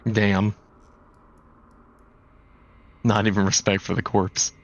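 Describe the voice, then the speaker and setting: A man with a low, gravelly voice trades jokes as a player in a casual tabletop game. His voice chat audio sounds dull and lo-fi. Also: level tone, takes it slowly. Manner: joking, playful banter.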